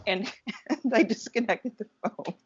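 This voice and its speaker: A woman's voice: fairly high pitch, measured pace. A woman co-hosting a podcast, telling a story casually and acting out the people she quotes. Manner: animated, acts out quoted voices. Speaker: podcast co-host. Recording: dull dry podcast recording.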